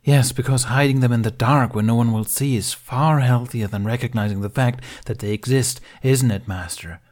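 A man's voice: mid-range voice, normal speed, a little mellow, voice pushed up, close to an everyday voice. A man doing a resentful, hurting young male apprentice, voice lifted and strained, storybook reading. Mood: sarcastic. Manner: sulky, pleading, voice rising when upset.

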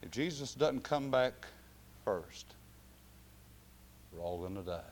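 A man preaching a sermon, dropping to quiet, drawn-out phrases and then rising to loud shouted climaxes. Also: fairly low pitch, animated.

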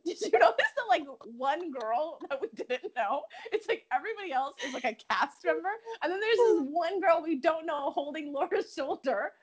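A woman co-hosting a podcast in casual chat, animated and giggly, with frequent laughs and fillers. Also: high-pitched. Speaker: podcast co-host. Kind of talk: casual chat recapping a soap opera.

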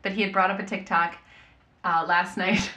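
A woman's voice: fairly low pitch, normal speed, roomy sound. A woman in her thirties, a podcast guest telling stories in casual chat and acting out what people said. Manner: animated storytelling, acts out quotes.

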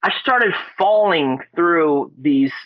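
A man's voice: fairly high pitch, slow pace, no echo. Rambling man telling a wild story. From Alaska. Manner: rambling, excitable, swears, often restarts his words. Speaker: podcast guest. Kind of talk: casual storytelling. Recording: dry, dull lo-fi audio.

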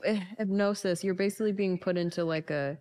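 A woman co-hosting a podcast, adding soft backchannel sounds and thoughtful asides in casual chat. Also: medium pitch, a little fast, clean tone. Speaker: podcast co-host.

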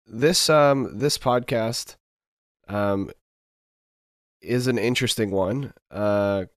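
A low-pitched man hosts a podcast in casual chat, his voice smooth and clear. He hesitates often, filling gaps with ums. The sound is dry and close. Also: slow, long pauses, no room sound. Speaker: podcast host.

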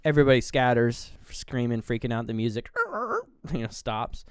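A man's voice: medium pitch, fairly quick, clear, resonant tone, no room sound, studio quality. A man co-hosting a podcast, casually retelling a horror movie scene by scene and acting out the characters' lines. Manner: animated retelling, acts out lines from the film. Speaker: podcast co-host. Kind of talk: casual movie review chat.

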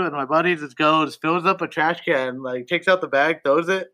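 A young man with a bright, forward voice sits in as a guest on a casual podcast. He tells stories in a laid-back, slangy way, swearing freely and laughing often. His voice sits a little high for a man. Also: a little fast. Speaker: tattoo artist guest.

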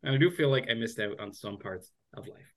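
Deadpan man on a podcast. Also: mid-range voice, brisk. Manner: dry, deadpan refusals. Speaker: co-host, comedian. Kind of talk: casual podcast banter. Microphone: remote call.

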